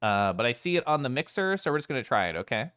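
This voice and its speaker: A man's voice: mid-range voice, very animated, fast talker, crowd noise. A man streaming, chatting casually and playfully with his chat, often giggling.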